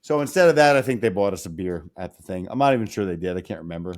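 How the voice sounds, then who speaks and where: A man's voice: low voice, very fast. A man co-hosting a casual podcast, telling a story with lots of swearing and acted-out dialogue. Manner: animated, swearing, acts out dialogue. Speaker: podcast co-host.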